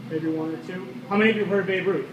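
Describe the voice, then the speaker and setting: Outdoors at a ballpark, a man leads a guided tour, telling stories and quizzing the group. His voice sits high with a steady tone and quick pace, and the recording is distant and echoey with background noise.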